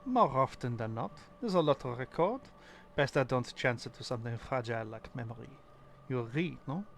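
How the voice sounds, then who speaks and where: A man voicing a poised French male academic who debunks fraudulent mystics, in a put-on French accent with formal, measured delivery. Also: mid-range voice, lively intonation, gravelly, a little hiss or hum. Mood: assured.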